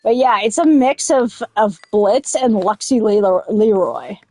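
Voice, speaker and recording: A woman's voice: mid-range voice, a little slow, mellow, a little hiss or hum. A woman chatting casually while playing a game, rambling, drifting into silly riffs and swearing at it in sudden angry outbursts. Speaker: gaming streamer. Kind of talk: casual let's-play chat.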